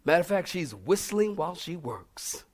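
A middle-aged man preaching a sermon, animated and humorous, calling out to his congregation. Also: high-pitched, moderate pace, heavy background noise. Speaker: pastor.

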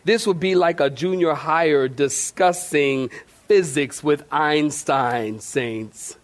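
A male pastor preaching a sermon in church, animated and playful, acting out the people in his comic stories. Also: a little high, slow. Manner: animated, playful, acts out shouting voices. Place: church sanctuary.

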